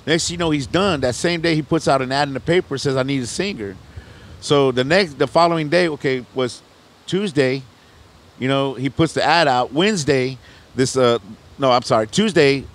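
Middle-aged man, rapper guest, mid-pitched voice, rambling slang storyteller who restarts his sentences a lot. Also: normal speed. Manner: rambling, loose slang, frequent "you know what I'm saying", restarts and laughs. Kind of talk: casual storytelling interview.

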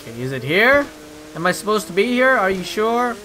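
A young man hosting casual gameplay commentary, excitable and swearing, ranting at the characters on screen. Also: high voice, a little fast, a little hiss or hum. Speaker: gaming video host.

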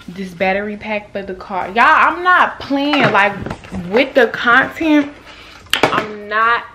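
A chatty young woman vlogging to her camera, first at home and then from a packed car. She talks loud and swears freely. She keeps calling her viewers y'all and girl. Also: medium pitch, noisy background. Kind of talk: casual vlog chat to camera.

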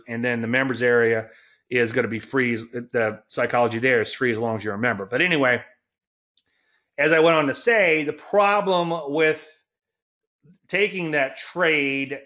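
A man hosting a trading talk show, speaking in a folksy, emphatic way, drawing out key words slowly and chuckling at his own jokes. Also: medium pitch, sharp tone, dull audio. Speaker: trading educator and show host. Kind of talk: solo market talk show.

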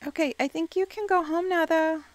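A woman giving excitable game commentary, reacting with quick exclamations and playfully scolding the characters on screen. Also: very high-pitched, dry recording. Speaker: let's play gamer.

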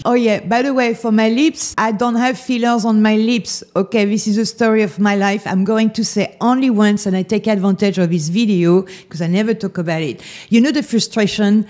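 Frank French-accented woman, mellow voice. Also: mid-range voice, normal speed, few pauses. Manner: frank, emotional, outspoken. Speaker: fashion YouTuber. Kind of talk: candid vlog to camera.

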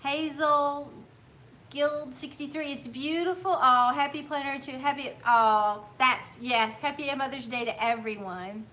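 A woman's voice: sits high, fairly even intonation, a little slow, bright, forceful tone. A middle-aged woman hosting a craft livestream, chatting casually and cheerfully as she greets viewers and reads out their names and comments. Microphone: laptop or phone mic.

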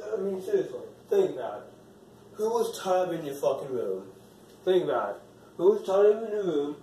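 A young man voices an anxious friend who keeps apologizing and pleading down the phone. He speaks softly, in a slightly high voice. It is an amateur drama, with faint noise behind him. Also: echoey room, far from the mic, poor audio.

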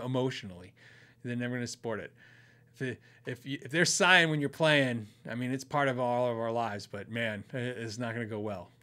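A man's voice: medium pitch, fairly bright tone. A man hosting a podcast, telling stories in a rambling, casual way and chuckling often. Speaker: podcast host.

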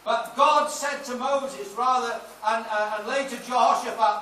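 A man in his sixties, a pastor preaching a sermon in a large church, mixing personal stories with emphatic, shouted praise. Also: very high-pitched, fairly even intonation, measured pace, hardly any pauses, slight background noise. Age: 60s. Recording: echoey hall, mic off at a distance.

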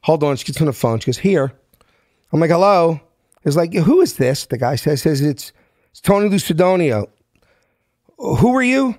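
Brief: Philadelphia-accented man in his fifties, slightly high voice, animated storyteller, dry close sound. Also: normal speed, dry recording. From South Philadelphia. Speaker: guest. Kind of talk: storytelling in a podcast interview.

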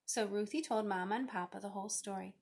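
A woman reading a children's picture book aloud, expressive and lively. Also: medium pitch, quick pace, vocal fry. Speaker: reader.

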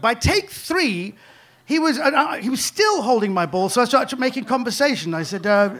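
High-voiced British man telling a comic story. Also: normal speed. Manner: animated, self-deprecating, laughing through lines. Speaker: comedian and storyteller. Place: on stage at a live storytelling event.

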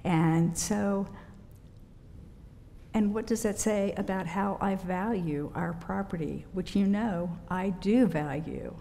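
A woman rector preaching a sermon in a church, gentle and unhurried, with pauses. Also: vocal fry. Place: church sanctuary. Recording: long church reverb, faint rumble.

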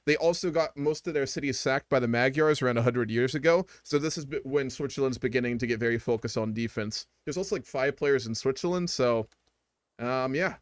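A man's voice: mid-range voice, fairly quick, dry recording. A young man streaming a strategy game, chatting casually with viewers and rambling with fillers. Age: young adult. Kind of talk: casual live-stream commentary.

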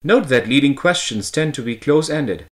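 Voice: mid-range voice, lively intonation, normal speed. A speaker from India reading scripted example questions and explanations for a lesson, with demonstrative intonation.

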